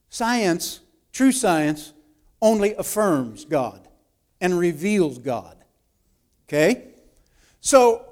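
High-voiced man preaching with urgent emphasis. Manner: swings from loud urgent preaching to hushed intimate asides; repeats and restates key phrases for emphasis. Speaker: pastor. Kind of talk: sermon.

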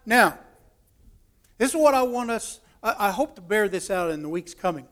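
Brief: male preacher, higher pitch, folksy storyteller, dramatic swings in loudness. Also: animated, a little fast. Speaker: pastor. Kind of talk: storytelling sermon.

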